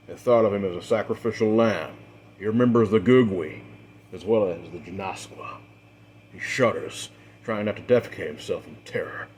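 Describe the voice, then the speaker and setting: A man acting as game master, narrating a tabletop role-play story in a measured, dramatic way with the odd filler. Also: fairly low pitch, a little mellow, slight background noise.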